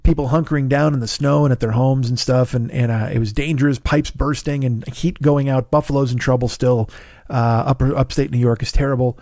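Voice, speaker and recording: A middle-aged man hosting his podcast alone, with a hoarse, tired throat, rambling casually with profane, self-deprecating asides. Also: medium pitch, steady tone, a little fast, darkish tone, dry recording, clean studio sound. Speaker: podcast host. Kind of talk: casual solo podcast chat. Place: home studio in Los Angeles.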